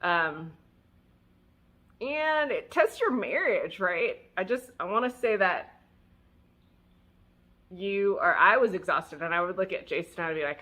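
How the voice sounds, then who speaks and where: A woman's voice: lowish voice, a little slow, long pauses. A woman vlogger telling her own story casually, candid and emotional, with fillers and self-mocking laughs. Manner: animated, acting out her own past words.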